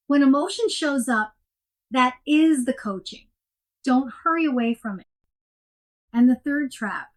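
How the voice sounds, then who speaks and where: A woman giving a scripted coaching lesson in a clear, measured and emphatic way. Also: high-pitched. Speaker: coaching instructor. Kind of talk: scripted instructional narration.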